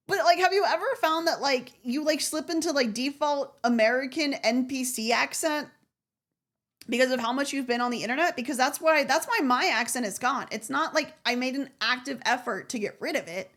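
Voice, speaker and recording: A woman's voice: sits high, a bit bright. A young woman streamer with a faint Southern US accent, chatting casually with viewers in a rambling way, full of "like" and restarts. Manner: rambling, heavy on "like" and restarts, quick laughs.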